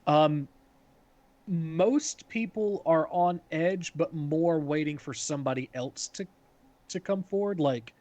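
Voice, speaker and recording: A man's voice: on the high side, slow pace, darkish tone. A man narrating a tabletop game as game master, talking casually with lots of "like" and "um". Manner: casual, full of "like" and "um".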